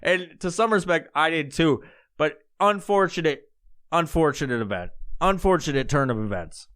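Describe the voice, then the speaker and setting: A man's voice: a little high, lively intonation, moderate pace, a bit bright. Profane, rambling man telling a story. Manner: profane, rambling, laughs often. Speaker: podcast host. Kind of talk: casual storytelling.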